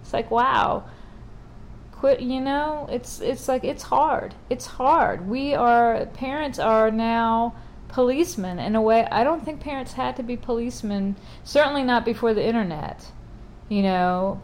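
A woman's voice: fairly high pitch, measured pace, slight background noise. A middle-aged woman talking casually in a wry, exasperated monologue.

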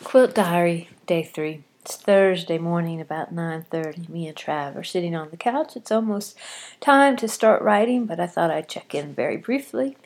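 Chatty stuffed-up woman with a lowish voice. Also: lively intonation, moderate pace, darkish tone. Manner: chatty and rambling, with frequent restarts. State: stuffed up with a cold. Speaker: quilting podcaster. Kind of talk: casual audio diary. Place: home, sitting on a couch.

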